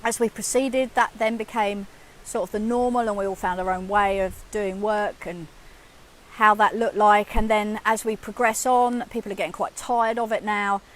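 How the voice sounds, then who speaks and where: A woman's voice: mid-range voice, steady tone, moderate pace. A woman in her fifties, a communication coach, talking casually to camera and acting out her own inner voice. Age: 50s.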